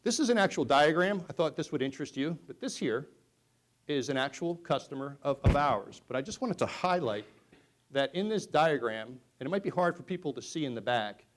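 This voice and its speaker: A middle-aged man speaking at a conference, talking conversationally to the audience and swinging between loud emphasis and hushed asides. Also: on the high side, lively intonation, a little fast. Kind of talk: presentation to an audience.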